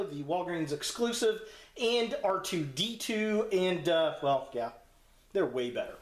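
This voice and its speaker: Blunt, hesitant man reviewing toys, echoey room. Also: a little high. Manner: blunt, frank opinions with many fillers and restarts. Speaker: toy reviewer host. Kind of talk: casual toy review.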